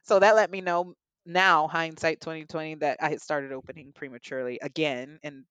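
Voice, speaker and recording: A woman's voice: deep voice, little pitch movement, moderate pace, sharp tone, smooth, no echo, poor audio. A young adult woman, a podcast guest, candidly and earnestly telling a personal story in an interview.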